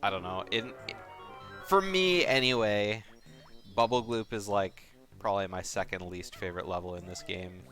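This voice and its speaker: A man giving casual commentary on a race, chatty and relaxed, laughing often and leaning on fillers. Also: on the low side, moderate pace, soft background music.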